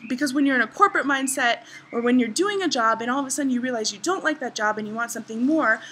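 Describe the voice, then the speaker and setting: A woman's voice: high-pitched, lively intonation, fast, a bit bright, a little hiss or hum. A woman in her thirties vlogging to camera outdoors in a garden, telling a travel story with bubbly enthusiasm. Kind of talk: casual vlog to camera.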